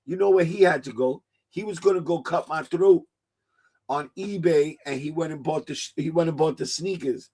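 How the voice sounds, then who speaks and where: A man's voice: a little high, moderate pace, husky. A man, hosting a casual livestream, loose and joking and swearing freely. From New York. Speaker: livestream host.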